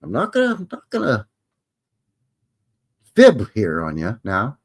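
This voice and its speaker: Hosting a livestream Q&A, a Canadian-accented man rambles and jokes in a loose, meandering way. His medium-pitched voice swoops wildly, a little slow and slightly rough.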